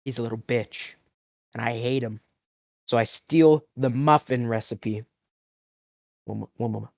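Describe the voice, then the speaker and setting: Here the food review vlogger's mid-range voice is creaky and a little slow as he rambles through a ridiculous comic story. He plays at outrage, swinging from mumbles to shouts, with occasional cracks in his voice.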